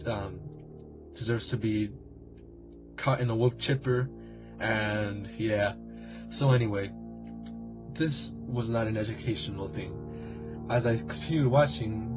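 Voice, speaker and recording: A man reading a parody creepypasta for laughs, rambling and crude with self-mocking asides. The recording is dull and lo-fi, with loud music playing under his voice. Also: on the low side. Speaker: video host.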